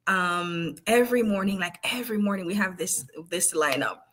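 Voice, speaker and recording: A woman's voice: lowish voice, animated, moderate pace, breathy edge, poor audio. A woman HR professional as an interview guest, telling workplace stories in a casual way and laughing often. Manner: warm storyteller, smiles and laughs through her points.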